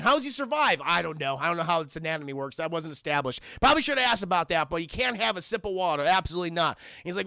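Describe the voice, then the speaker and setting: Profane, rambling young man with a gravelly voice. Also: a little high, expressive, very fast, few pauses, bright, forceful tone, no echo, studio quality. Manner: rambling and profane, keeps addressing the chat. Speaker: streamer and film reviewer. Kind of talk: casual chat.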